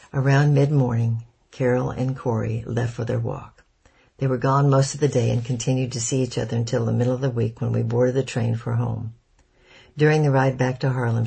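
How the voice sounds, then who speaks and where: A man narrating a first-person novel in a measured, even storytelling manner. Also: mid-range voice, creaky, husky. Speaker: audiobook narrator.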